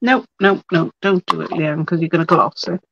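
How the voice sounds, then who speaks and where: A woman's voice: fairly low pitch, normal speed, vocal fry, fairly bright tone, dry recording, muffled recording. A woman hosting a casual crafting livestream, talking half to herself as she works. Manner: muttering to herself while working. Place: home craft room.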